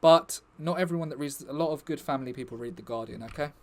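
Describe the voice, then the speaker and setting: A young man with a fairly high-pitched voice talks casually to his viewers at the end of a stream. He rambles from topic to topic with jokey asides to the chat. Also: quick pace, a little mellow, a little hiss or hum.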